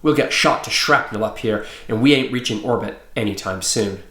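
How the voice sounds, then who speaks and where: A man reading aloud voices a gruff, wisecracking male alien teenager with a snappy, streetwise drawl. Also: fairly low pitch, moderate pace, sharp tone, roomy sound. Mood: urgent.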